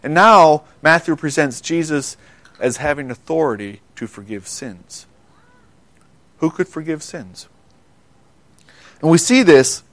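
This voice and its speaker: Earnest man preaching in a higher voice. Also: expressive, unhurried, pauses often. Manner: earnest, asks the audience questions, quiet for quoted words; stumbles and repeats words. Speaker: pastor. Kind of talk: sermon.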